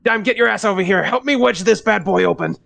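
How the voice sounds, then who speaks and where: A man's voice: high-pitched, fast, gravelly, fairly bright tone, heavily acted. A man playing a methodical wasteland tinkerer. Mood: eager. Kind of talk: tabletop role-play voice.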